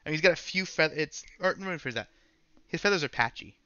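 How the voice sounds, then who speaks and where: A man with a bright, forceful voice runs a tabletop game, rambling through scene descriptions and often correcting himself mid-sentence. The sound is dry and close, though a little dull, as from a modest microphone. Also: on the high side, animated, quick pace, no echo. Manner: rambling, self-correcting narration. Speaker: game master.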